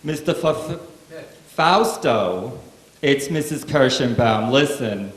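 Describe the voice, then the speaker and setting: A man's voice: medium pitch, animated, takes it slowly, echoey room, low-quality recording. A man playing a stern, condescending older female schoolteacher on the phone. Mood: curt. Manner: curt, condescending.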